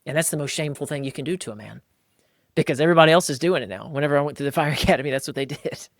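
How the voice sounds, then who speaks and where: A man hosting a podcast, talking in a casual, emphatic way and jumping into higher, livelier voices when he acts out quotes. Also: rapid-fire, no echo, clean studio sound. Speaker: podcast host. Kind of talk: casual podcast talk on faith and marriage.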